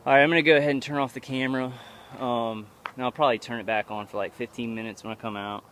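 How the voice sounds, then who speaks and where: A man talks into a handheld camera as he walks outside at night, and his voice sits at an ordinary middle pitch. He rambles and stops often, restarting his sentences. Faint traffic hums behind him. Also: fairly even intonation, a bit bright. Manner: rambling, halting, many restarts. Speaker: vlogger. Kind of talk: casual walking vlog monologue. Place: outdoors at night, walking.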